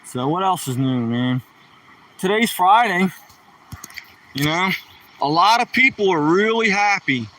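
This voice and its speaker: A man's voice: high-pitched, lively intonation, a little slow, pauses often, sharp tone, recorded from a distance, slight background noise. A man hosting a casual livestream, rambling through corny jokes and mocking himself. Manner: rambling, self-mocking joke teller. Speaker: livestream host. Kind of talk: casual joke-telling livestream.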